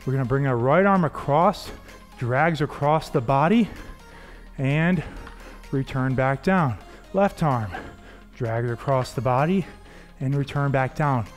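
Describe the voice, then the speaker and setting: A male fitness coach leads a workout, upbeat and encouraging as he counts reps and cues form, with faint music in the background. His mid-range voice is animated but unhurried.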